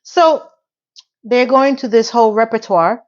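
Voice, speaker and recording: Woman TV recap vlogger, mid-pitched, casual and animated, slightly muffled recording. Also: measured pace. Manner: animated, talks to viewers, playful asides.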